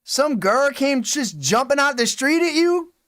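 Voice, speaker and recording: A man's voice: very high-pitched, sing-song, measured pace, fairly bright tone, dry recording, clean studio sound. A man hosting a casual live stream, rambling, swearing freely and laughing often. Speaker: livestream host.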